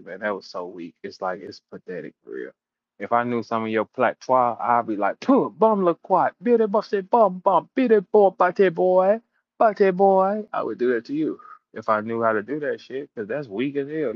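A man's voice: fairly low pitch, a little fast, no room sound, muffled recording. Profane, taunting man ranting on air. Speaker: battle rap show host. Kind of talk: casual live audio-room rant.

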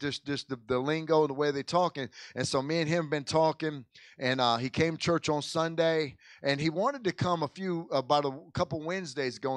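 Folksy pastor, dry close sound. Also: male voice, fairly high pitch, dry recording. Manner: folksy, repeats and restarts words often, says "man" and "amen". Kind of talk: informal church service talk and prayer. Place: church sanctuary.

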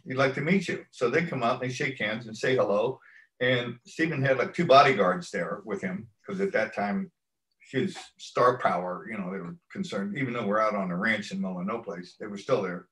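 In poor audio with the echo of a room, a man being interviewed as a stunt coordinator spins a long, rambling anecdote and performs people's lines. His voice is medium in pitch and a bit bright.

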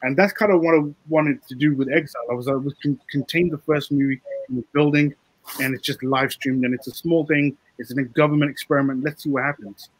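A man's voice: medium pitch, brisk, no echo, poor audio. A man, a film director, chatting casually in an interview and explaining how the story came together. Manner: relaxed, explains, quotes others.

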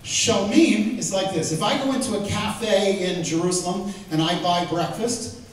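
A middle-aged man with a fairly high voice gives a lively, joking Bible lesson to a live audience, throwing out questions as he goes. He sounds far from the mic, in a very echoey hall with a faint hiss underneath. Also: moderate pace. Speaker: Bible teacher.

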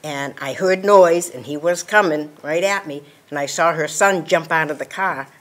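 A woman's voice: low-pitched, moderate pace. An older woman testifying as a witness at a public hearing, telling her account in a rambling, conversational way. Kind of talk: sworn testimony.

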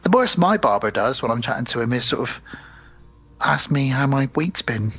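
A man's voice: medium pitch, animated, moderate pace, a bit bright, slightly rough, no echo, lo-fi sound. A man co-hosting a podcast, recapping a film plot in a rambling, sweary, casual way. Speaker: podcast co-host. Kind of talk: casual film review chat.

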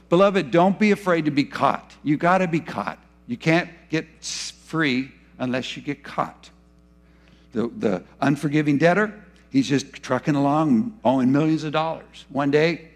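A man preaching a sermon as pastor in a church, moving between hushed, slow lines and loud, urgent ones. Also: fairly high pitch. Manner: dramatic retelling with acted quotes, swinging between hushed and loud.

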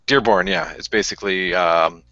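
A man's voice: low voice, steady tone, normal speed, sharp tone, dry recording. A man co-hosting a podcast, joking around in casual banter and laughing often. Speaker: podcast co-host. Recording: dull lo-fi podcast audio.

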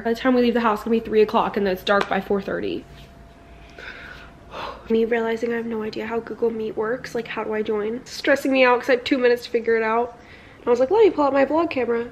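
A young woman talking casually to camera at home, chatty and filled with "like", doing a daily vlog. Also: fairly high pitch. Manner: chatty, talks straight to camera, lots of "like". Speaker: vlogger. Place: at home in an apartment. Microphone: camera mic. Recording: roomy, from a distance, faint noise.

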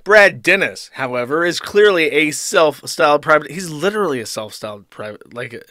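A man's voice: on the high side, lively intonation, brisk, fairly bright tone, no echo, clean studio sound. A man hosting a stream, reading posts aloud and mocking them with sarcastic, profane commentary. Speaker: streamer host.

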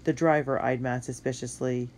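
A woman narrates an adventure story in a measured, expressive reading voice. Her tone is mellow and soft-edged. A faint hiss and hum sit under the recording. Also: a bass voice. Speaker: author narrator. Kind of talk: audiobook narration.

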